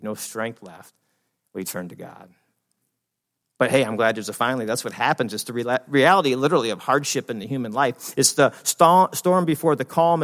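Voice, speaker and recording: A man preaching a sermon in a church, animated and acting out panicked inner voices, laughing often between points. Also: lowish voice. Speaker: pastor. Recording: long reverb of a church hall.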